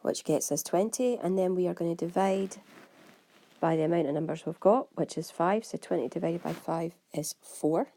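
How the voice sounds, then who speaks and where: Brisk Scottish woman teaching maths. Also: on the low side, dark tone, no echo. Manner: brisk, step-by-step, talks to students directly. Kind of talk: exam walkthrough lesson.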